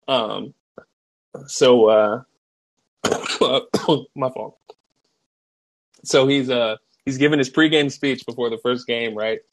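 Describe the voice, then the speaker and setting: Husky man, laughing podcast co-host. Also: medium pitch, fairly even intonation, slow pace, pauses often. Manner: laughs often, acts out quotes in a raised voice. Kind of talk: casual chat, retelling movie scenes.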